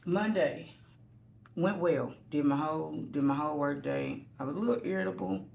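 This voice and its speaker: A woman's voice: deep voice, moderate pace, creaky, a little mellow, slight background noise. A woman vlogger telling a candid, rambling story from home while getting ready. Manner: candid, rambling, self-deprecating.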